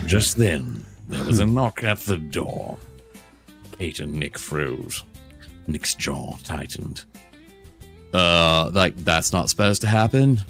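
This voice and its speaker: A man's voice: sits low, animated, takes it slowly, vocal fry, a bit bright, faint music behind. A man hosting a podcast, reading a story aloud with friends and breaking into laughs. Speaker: podcast host and reader.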